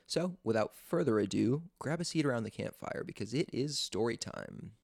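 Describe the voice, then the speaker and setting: A man hosting a podcast, narrating a suspenseful story in a measured way. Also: medium pitch, expressive, gravelly, a little mellow.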